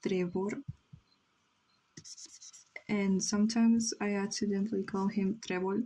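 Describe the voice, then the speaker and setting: Mellow-voiced young woman chatting on stream. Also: medium pitch, fairly even intonation, measured pace, breathy edge, low-quality recording. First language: Spanish. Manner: rambling, reads chat aloud, many "like" fillers. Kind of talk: casual livestream chat while drawing.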